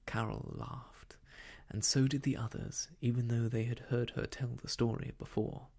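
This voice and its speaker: A storyteller reading an old children's book aloud softly as a whispered role-play for sleep. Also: medium pitch, steady tone, creaky. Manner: soft, slow bedtime reading.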